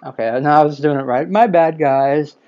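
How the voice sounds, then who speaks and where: A man hosts a casual solo live podcast, rambling, self-deprecating, and a bit sleepy. His voice is a little high at a moderate pace, and the audio is lo-fi and dull.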